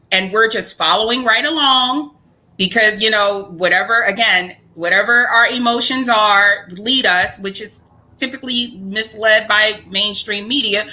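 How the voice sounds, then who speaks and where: A woman's voice: fairly high pitch, pushed and bright, low-quality recording. A woman speaking as a panel guest in a livestream discussion, earnest and argumentative as she builds her point.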